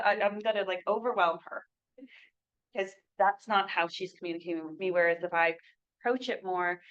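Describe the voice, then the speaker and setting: A woman's voice: on the low side, moderate pace. A woman leading a sales training class in a small room. She talks casually and acts out sample sales lines for her listeners. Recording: dull lo-fi recording.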